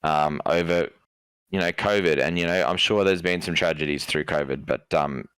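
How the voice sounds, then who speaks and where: A man's voice: low-pitched, moderate pace, a bit bright, clean tone, no echo. A young Australian man, a podcast guest, giving blunt opinions in an easygoing way with frequent ums. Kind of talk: casual chat.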